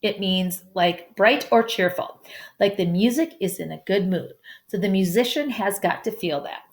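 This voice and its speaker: A woman's voice: medium pitch, normal speed. A woman reading a first-person story aloud who stumbles over hard names, apologizes and makes asides. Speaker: audiobook reader.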